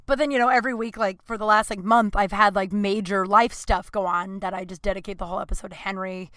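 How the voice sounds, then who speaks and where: Bright-voiced chatty woman podcaster. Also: mid-range voice, fairly even intonation, fast, no room sound. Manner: rambling and chatty, heavy on fillers, laughs at herself. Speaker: podcast host. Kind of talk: casual storytelling monologue. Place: small clothes closet at home.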